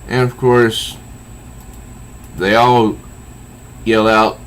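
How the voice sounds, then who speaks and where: A man reviewing a comic book, recapping the story in a measured way with asides. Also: lowish voice, steady tone, a bit bright, poor audio. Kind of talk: summarizing and reading a comic.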